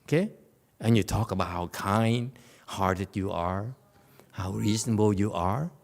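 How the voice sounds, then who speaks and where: A man's voice: fairly low pitch, unhurried, gravelly. A man giving an informal Dharma lecture in a temple hall, playful and teasing, laughing often and checking in with "okay?".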